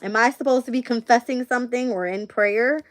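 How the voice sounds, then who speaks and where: A woman's voice: fairly high pitch, a little fast. A young woman hosting a casual live stream and reading tarot cards, blunt and profane, with frequent laughs.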